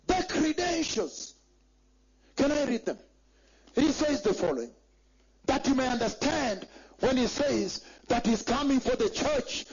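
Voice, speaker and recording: Emphatic male preacher with a very high voice, muffled lo-fi recording. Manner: emphatic, repeats phrases and asks the congregation for agreement. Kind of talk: sermon. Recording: dull lo-fi recording.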